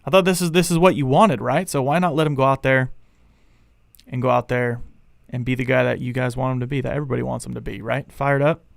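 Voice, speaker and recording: A young man hosts a live fan podcast, rambling through opinions and shouting out the chat. His voice has a gravelly edge yet stays smooth and resonant. The sound is dry and close. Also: medium pitch, fairly even intonation, quick pace, no echo. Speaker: podcast host.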